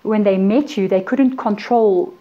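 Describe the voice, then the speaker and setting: A woman's voice: mid-range voice, measured pace, mellow. Woman, tarot reader, casual chat, talks straight to viewers, dull lo-fi recording. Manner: chatty, acts out quoted reactions, addresses viewers as guys.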